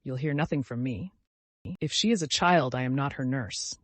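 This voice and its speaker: A man's voice: mid-range voice, moderate pace, no echo, natural voice. A man voicing a bitter, irritable young man. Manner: sharp, angry outbursts.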